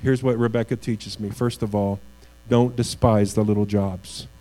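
A man's voice: fairly low pitch, steady tone, moderate pace, warm tone, faint music behind, low-quality recording. A man preaching a sermon as a pastor, earnest, with restarts and rising emphasis on key phrases.

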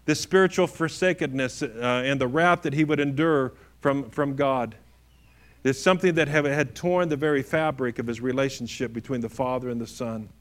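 A man preaching a sermon earnestly, rising to emphatic peaks and dropping to hushed, quiet phrases. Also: mid-range voice, moderate pace. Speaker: pastor.

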